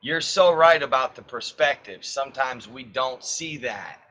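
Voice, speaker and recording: A male podcast host with a bright, forceful voice responds to his guest. He speaks in an affirming way about what he has just heard. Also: mid-range voice, animated, unhurried, rough recording. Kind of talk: interview reflection.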